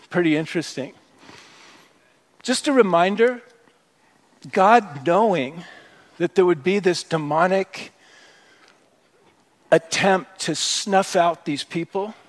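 A middle-aged male pastor preaching a conversational sermon at a church service, telling stories and asking the congregation questions. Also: sits high.

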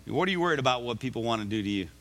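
A male pastor delivering a sermon, reading scripture slowly and urging listeners on with emphatic, repeated exhortations. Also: medium pitch, animated, a bit bright, slight background noise. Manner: reads scripture aloud slowly.

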